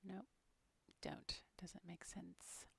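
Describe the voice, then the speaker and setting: A British woman streaming as she works on an animated scene, muttering to herself and often dropping into a whisper. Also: lowish voice, extremely slow, creaky, slightly rough. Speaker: streamer making an animated game-character video. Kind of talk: casual narration while working.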